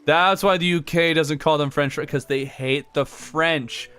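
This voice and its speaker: A man's voice: on the high side, a little slow, a bit bright, clean tone. An American man streaming a video game and chatting casually, joking with viewers and reading their comments aloud. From United States. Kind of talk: casual gaming livestream chat. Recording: music playing underneath.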